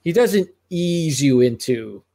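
A man's voice: fairly high pitch, expressive, slow, creaky, warm tone. A middle-aged man co-hosting a podcast, chatting casually about movies in a rambling way, full of restarts and asides. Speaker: podcast co-host reviewing movies. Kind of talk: casual movie-review chat.

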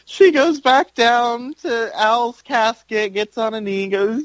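A man co-hosting a podcast, telling a wrestling recap in a lively, animated way and acting out the lines. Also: extremely high pitch, slow pace, few pauses, no room sound, rough recording. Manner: animated storyteller, acts out quotes. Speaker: podcast co-host. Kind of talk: casual chat recapping wrestling.

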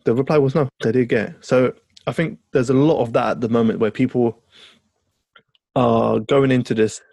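A man's voice: mid-range voice, fairly even intonation, normal speed, vocal fry, darkish tone, no echo. A man co-hosting a podcast, chatting eagerly and rambling, swearing now and then. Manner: enthusiastic, rambling, swears casually. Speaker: podcast co-host. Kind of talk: casual chat.

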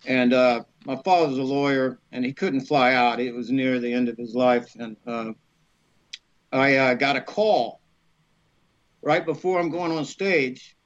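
A middle-aged actor from Alabama telling rambling, animated stories in a podcast interview, acting out quotes with many fillers. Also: male voice, mid-range voice, unhurried, lo-fi sound. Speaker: actor guest.

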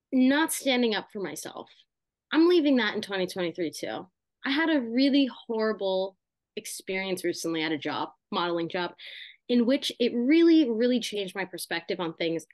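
A woman's voice: on the high side, dry recording. A young woman co-hosting a podcast, talking casually with lots of fillers and asides. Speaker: podcast co-host. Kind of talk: casual chat.

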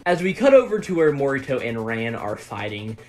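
A man's voice: mid-range voice, very animated, brisk, faint music behind. Rambling male manga reviewer, "right?" tags. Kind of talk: casual chapter-by-chapter review.

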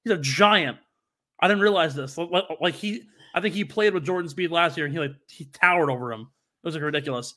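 A man's voice: on the high side, brisk, a bit bright. Rambling young man on a podcast. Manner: rambling storyteller with many fillers and restarts. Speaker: podcast co-host. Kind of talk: casual chat.

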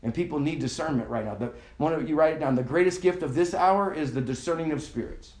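A man's voice: a little high, quick pace, a little mellow. A man preaching a sermon in a loose conversational way, often having the congregation repeat words back to him. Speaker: pastor. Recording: echoey room.

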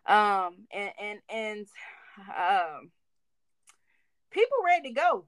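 A woman's voice: medium pitch, sing-song, takes it slowly, dry recording. A young woman in her twenties co-hosting a podcast, telling a work story in casual, slangy chat and slipping into voices when she quotes people. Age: 20s. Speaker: podcast co-host.

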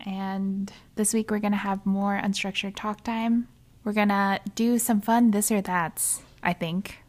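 A woman's voice: medium pitch, flat delivery, measured pace, a little mellow. Chatty young woman co-hosting a podcast. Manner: chatty, teasing, laughs often. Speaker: podcast co-host. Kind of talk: casual podcast chat.

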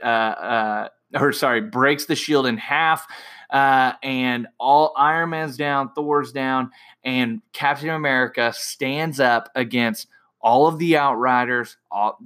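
Excited young man, bright voice. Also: medium pitch. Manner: excited, rambling with many fillers and restarts. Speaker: movie reviewer. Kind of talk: casual movie recap.

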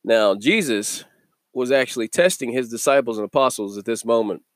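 A man hosting a daily devotional video, teaching from the Bible in a relaxed, conversational way and chuckling between thoughts. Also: mid-range voice, normal speed, dry recording, studio quality.

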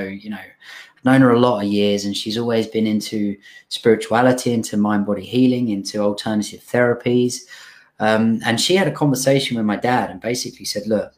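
A young adult man telling an emotional personal story in an earnest, halting way, with many restarts and fillers. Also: on the low side. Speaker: speaker telling his recovery story.

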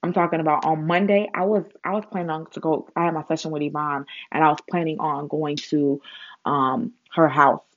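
Woman, spiritual vlog monologue, rambling and animated, dry muffled sound, mid pitch. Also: a little fast, dry recording. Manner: rambling, many fillers and restarts, animated retelling.

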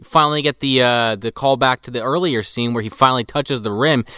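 Man, bright tone, dry close sound, casual film recap, hesitant fillers. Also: medium pitch, brisk, clear, resonant tone, dry recording. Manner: hesitant, lots of "you know". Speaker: podcast co-host. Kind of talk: casual movie recap chat.

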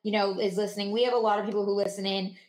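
A woman co-hosting a podcast interview, asking questions haltingly, searching for words, and offering warm praise. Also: mid-range voice, level tone. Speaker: podcast co-host. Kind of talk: casual interview chat. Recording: echoey room.

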